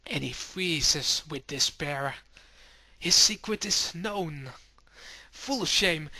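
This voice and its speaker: A man narrates a fairy tale for children with a bright, sharp voice that sits high. He takes his time over each phrase and puts on lively voices for the townsfolk, in a dry, close recording. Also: no room sound. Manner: slow, expressive, puts on villagers' voices. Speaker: storyteller. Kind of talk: storytelling to children.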